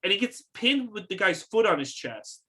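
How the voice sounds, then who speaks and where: A man's voice: high voice, big pitch swings, normal speed, sharp tone, slightly rough. A man co-hosting a casual wrestling recap show, ranting in an exasperated, profane way and repeating his points. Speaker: podcast co-host.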